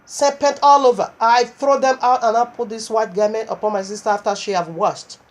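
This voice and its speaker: A woman's voice: fairly high pitch, steady tone, fairly quick. A woman preaching a sermon, impassioned and repetitive, with stammering restarts as she recounts a vision.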